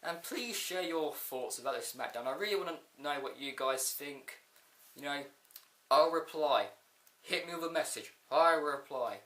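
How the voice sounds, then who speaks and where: A man giving a rambling, excitable casual video review of a wrestling show. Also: fairly high pitch, moderate pace. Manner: excitable, rambling, with frequent fillers and outbursts. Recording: echoey room.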